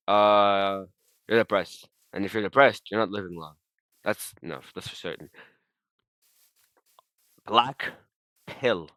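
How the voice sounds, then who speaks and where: Commenting over his own gameplay, a man with a medium-pitched, fairly bright voice rambles and swears casually, often breaking off mid-sentence. He's recording his screen with a desktop mic, and there's no echo.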